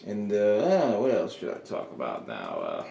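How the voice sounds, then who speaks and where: Rambling man with a low voice. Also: wildly swooping pitch, unhurried, gravelly, warm tone, echoey room, slight background noise. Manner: meandering, chuckling often, trailing off. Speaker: podcast host. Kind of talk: casual rambling monologue.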